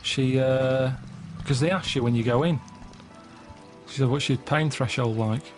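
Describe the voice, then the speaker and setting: A man co-hosting a comedy radio show, telling rambling stories in a deadpan way. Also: mid-range voice, measured pace, soft background music. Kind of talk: casual comedic radio chat. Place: radio studio.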